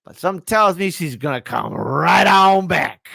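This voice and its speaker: A man hosts a casual commentary show, quick to joke and to mock himself. His voice is bright and gravelly, with a lot of rise and fall. He sounds close and dry on the mic. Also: high voice, no room sound. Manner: jokey, excitable, self-mocking.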